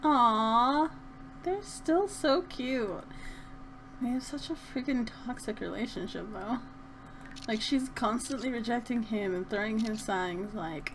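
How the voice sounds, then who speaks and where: A young woman hosting a let's play, chatting through the game in an animated, gushing way with bursts of laughter. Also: on the high side, slow pace, noisy background. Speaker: gaming channel host.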